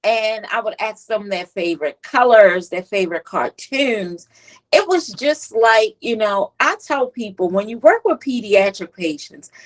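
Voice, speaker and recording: A woman's voice: a little high, poor audio. A woman pediatric nurse with a US East Coast accent, telling stories in an interview and acting out children's voices. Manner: animated storyteller, acts out children's voices. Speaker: pediatric nurse and author, guest. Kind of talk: conversational interview storytelling.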